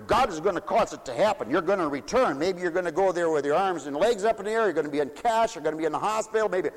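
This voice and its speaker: A man preaching a fiery, folksy sermon. He swoops between loud declarations and mocking asides. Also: high-pitched, fast talker. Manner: folksy, shouting and swooping, mocks voices. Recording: long hall reverb.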